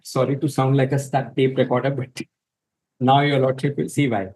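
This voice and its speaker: A man's voice: medium pitch, fairly even intonation, fairly quick, darkish tone, rough recording. Deferential advocate, man. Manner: deferential, repeatedly saying my lord; emphatic, reads passages from documents. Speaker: advocate arguing in court. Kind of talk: formal courtroom argument. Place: courtroom.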